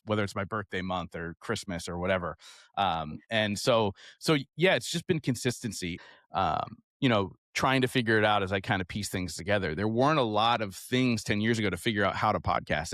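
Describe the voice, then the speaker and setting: A man speaking as a guest in a podcast interview, relaxed and easygoing, with frequent "uh" and "you know.". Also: on the low side, no room sound, studio quality. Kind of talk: casual interview chat.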